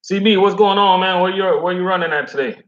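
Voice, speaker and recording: A man who is a food service delivery driver, chatting casually in slangy, animated talk. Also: high voice, fast talker, highs cut off. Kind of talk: casual chat.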